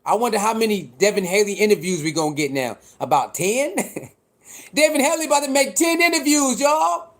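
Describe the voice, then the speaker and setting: Male livestream host, higher voice, casual slangy rambling talk. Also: expressive, moderate pace, fairly bright tone. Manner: chatty, repetitive, reacting to boxing news with slang.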